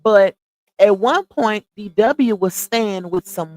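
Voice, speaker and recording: A woman hosts a casual livestream in an unhurried, drawn-out way. Her voice sits at an ordinary pitch. The sound is dry and close, with no room around it. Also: animated, darkish tone, dry recording, rough recording. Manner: chatty, addresses viewers as y'all, often pauses to find screenshots. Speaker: livestream commentary host.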